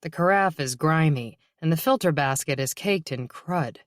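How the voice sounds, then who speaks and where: In a clean studio recording free of room sound, a female audiobook narrator with a deep voice reads a novel aloud. Her scripted delivery is steady and even, at a moderate pace.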